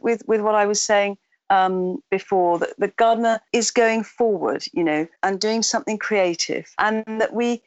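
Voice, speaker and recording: A woman's voice: mid-range voice, no room sound. A woman author answering interview questions in a reflective way, often restarting her sentences. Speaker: author guest.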